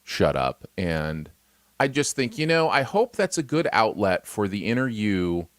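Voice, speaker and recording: Male co-host, teasing, very animated pitch, dry close sound. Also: a little slow, no room sound. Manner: playful, teasing, chuckles often. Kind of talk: casual live-stream chat.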